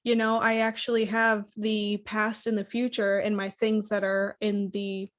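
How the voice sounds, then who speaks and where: Slow-speaking woman podcast co-host. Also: medium pitch, level tone. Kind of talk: casual chat.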